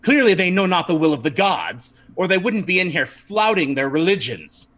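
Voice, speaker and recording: A man voicing a scornful zealot priest who turns shrill when panicked. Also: very animated, moderate pace, a bit bright, full character voice.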